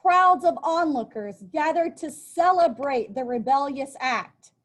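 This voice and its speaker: At a desk with a workbook, a woman teacher records a lesson, reading from a text and then explaining it chattily with casual asides. Her voice is high-pitched with lively intonation, and she takes her time.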